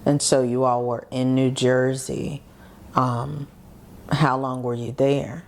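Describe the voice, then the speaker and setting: A woman's voice: a bass voice, little pitch movement, slow pace, a little hiss or hum. A woman host interviewing a guest, offering many short encouraging affirmations.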